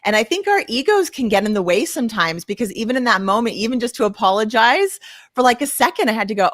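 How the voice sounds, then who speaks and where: A woman's voice: fairly high pitch, fast, no echo. Laughing, dry-voiced woman podcaster. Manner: animated storyteller who acts out her own yelling; laughs often at herself. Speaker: podcast co-host. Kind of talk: casual chat.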